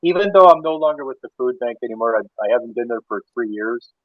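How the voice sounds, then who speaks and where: Fast-talking man on a tinny line. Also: mid-range voice, no room sound. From Canada. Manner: animated, rambling anecdotes with many restarts. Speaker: interior designer, guest. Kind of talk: casual interview storytelling. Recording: tinny phone-like line, dry.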